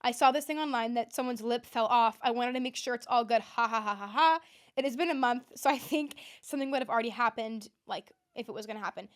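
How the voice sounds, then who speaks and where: A young woman in her twenties hosts her own podcast and tells a long personal story. She talks in a casual, animated way, full of fillers. Her voice sits a little high. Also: fast, few pauses. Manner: chatty, animated, lots of "like". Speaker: podcast host.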